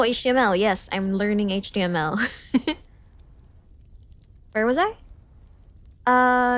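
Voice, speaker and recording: Giggly young woman streamer studying aloud. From Philippines. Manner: reads lessons aloud, then jumps to high cheerful greetings to chat; giggly, self-conscious asides. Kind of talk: casual study livestream, reading notes aloud.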